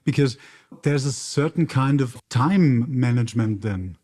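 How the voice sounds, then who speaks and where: Austrian man with a mellow voice asking questions. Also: medium pitch, animated, unhurried. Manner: probing, slightly unidiomatic English. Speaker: interviewer. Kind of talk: conversational interview. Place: university library event.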